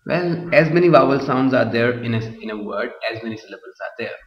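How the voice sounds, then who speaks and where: A man with a medium-pitched, expressive voice teaches a grammar lesson at a brisk clip, going over his points again and again and repeatedly asking the class "Clear?" The room sounds muffled and echoey, and his voice drifts away from the mic.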